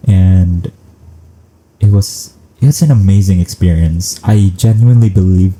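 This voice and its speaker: A man's voice: low voice, warm tone, a little hiss or hum, rough recording. A young man, casually telling a story to camera in a chatty, rambling way. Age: young adult. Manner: chatty, self-aware rambling, acting out quoted dialogue. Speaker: vlogger.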